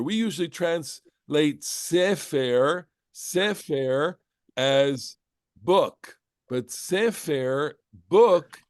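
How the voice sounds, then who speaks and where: A man teaching an informal Bible class, animated and explanatory, rising into emphatic bursts. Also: a little high, no room sound, clean studio sound. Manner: explanatory, with many restarts and "okay?". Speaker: Torah teacher.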